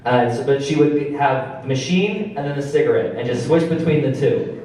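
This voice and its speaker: A stand-up comedian in a club, talking at an everyday middle pitch. He tells a family story in a loose, deadpan way. The mic sits back from him, so his voice rings around the echoey room. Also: brisk, distant mic, slight background noise. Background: audience laughter.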